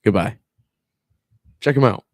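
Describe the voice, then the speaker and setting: A man's voice: measured pace, no echo. A young man hosting a podcast, chatting loosely and jokingly in slang. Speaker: podcast host. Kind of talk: casual chat.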